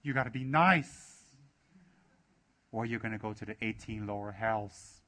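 A man putting on the voice of a hellfire-preaching male televangelist, loud and drawn-out as he threatens damnation. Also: fairly low pitch. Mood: threatening.

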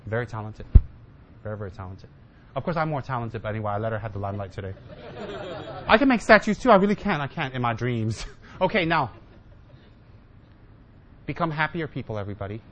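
A man's voice: mid-range voice, sing-song, fast talker, long pauses, a bit bright, slight background noise. A man giving a humorous Dharma talk as a Buddhist teacher, joking with and teasing his listeners and mimicking his students.

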